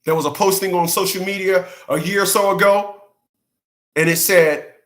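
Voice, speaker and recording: A man's voice: high-pitched, fairly even intonation, normal speed, a bit bright. A man hosting his own channel, delivering a blunt, profane, preachy rant straight to his viewers. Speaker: channel host. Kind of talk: rant monologue to camera.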